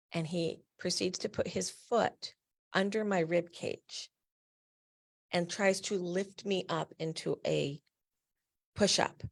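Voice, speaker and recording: A woman's voice: on the low side, slow, vocal fry. A middle-aged woman from New Jersey, a patient advocate and founder, tells a personal story in a candid, emphatic way with blunt asides.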